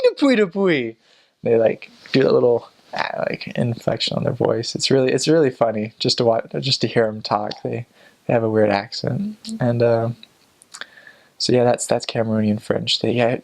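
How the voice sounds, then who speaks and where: A man's voice: medium pitch, gravelly. A young man, a returned missionary, casually telling amused stories with lots of fillers. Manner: relaxed, amused, chatty with frequent fillers. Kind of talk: casual storytelling.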